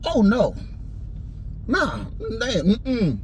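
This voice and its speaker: A man delivering an impassioned, preachy rant and story, repeating his points and rising into shouts. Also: very high voice, huge pitch swings, drawn-out words, a little hiss or hum, low-quality recording. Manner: preachy, repetitive, swings into shouting.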